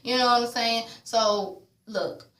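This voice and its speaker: A young adult woman doing a casual, profane TV episode recap, blunt and sassy, with lively voiced quotes of the characters. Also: on the high side, takes it slowly. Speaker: TV recap vlogger. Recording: echoey room.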